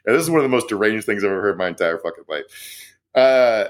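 Low-voiced man riffing sardonically. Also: animated. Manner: profane, sardonic, quick asides. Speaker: podcast co-host. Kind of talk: casual comedic news chat.

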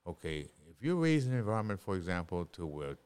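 Middle-aged male guest, lively sing-song pitch, preachy and repetitive, casual podcast talk. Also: quick pace, clean tone. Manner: animated, repeats words, preachy.

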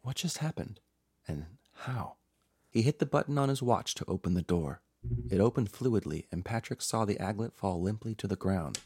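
A man's voice: lowish voice, expressive, a little fast, a little mellow, slightly rough, no room sound. A man hosting a podcast, reading a scripted horror story in a theatrical, playfully sinister way.

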